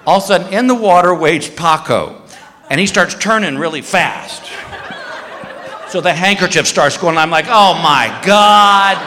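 A stand-up comedian with a fairly high voice tells a comic story at normal speed, acting out its characters with big vocal jumps. The live hall adds reverb, with faint ambience and slight background noise.

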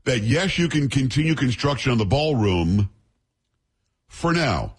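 A man's voice: medium pitch, measured pace, husky. A middle-aged man hosting a radio talk show, telling stories and acting out the people in them. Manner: animated storyteller, does voices in anecdotes.

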